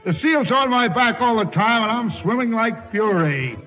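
A rambling, excitable trained seal, voiced by a man in a vintage radio comedy bit, his voice pitched very high. He wanders off track constantly. The old radio recording is dull, with music behind. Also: normal speed. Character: talkative male trained seal, rambling storyteller.

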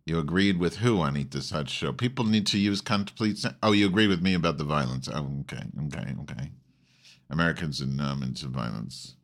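A male host talks loosely to his online audience, swearing freely and veering between topics. His voice sits very low, and he restarts his sentences often in a campy, offhand manner. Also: expressive, fairly quick. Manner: profane, campy, rambling with many restarts. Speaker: host of an online call-in show. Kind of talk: casual rambling monologue.

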